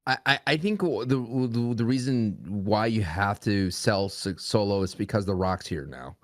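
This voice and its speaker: A man co-hosting a casual podcast, running the segment with brisk prompts and quick quips. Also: fairly low pitch, dry recording, studio quality.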